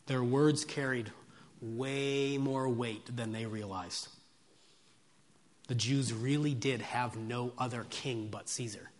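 A man preaching a sermon in a church, swinging between loud emphatic passages and hushed, quiet ones. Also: mid-range voice, steady tone, takes it slowly. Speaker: pastor. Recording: long hall reverb.

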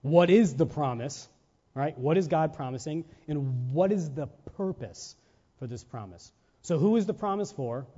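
Male preacher, high mellow voice, sermon with emphatic rhetorical questions, long church-hall reverb, dull lo-fi recording. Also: expressive, moderate pace, slightly rough. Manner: rhetorical questions and checks with listeners; emphatic, stressing single words.

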